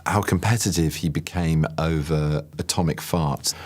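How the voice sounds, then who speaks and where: Deep-voiced, animated Englishman, laughing. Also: moderate pace. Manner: animated storyteller who laughs a lot and puts on voices. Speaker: actor guest. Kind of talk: casual interview chat.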